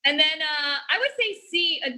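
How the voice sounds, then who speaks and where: A woman with a high, very bright voice delivers dry jokes as a panelist. She pauses on ums and lets her punchlines land flatly. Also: low-quality recording. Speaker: comedian panelist.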